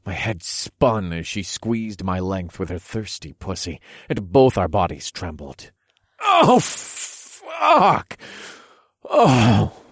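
Here a deep-voiced, husky man delivers first-person adult narration with low, commanding authority. It's recorded dry and close-up, with no room sound at all.

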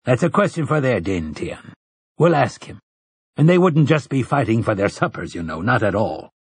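A man's voice: mid-range voice, big pitch swings, moderate pace, breathy edge, no room sound, heavily acted. A man voicing an old male priest who speaks patiently and earnestly in a storybook reading.

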